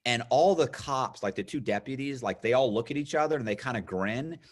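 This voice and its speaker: This guest, a man from the United States in his fifties, has a medium-pitched voice and a fairly quick delivery. He narrates a long story conversationally and with animation, voicing the other characters' lines himself.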